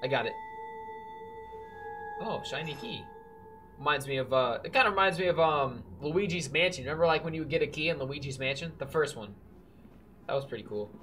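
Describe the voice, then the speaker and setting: An excitable gamer giving casual commentary on a horror game, chatting to the characters on screen and now and then bursting into loud yells. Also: mid-range voice, fairly quick, pauses often. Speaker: let's play gamer. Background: background music beat.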